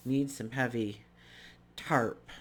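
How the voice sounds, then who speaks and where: A woman's voice: a bass voice, fairly even intonation, slow, full character voice. A woman voicing a young craftswoman in a told tale, sounding weary but matter-of-fact and capable.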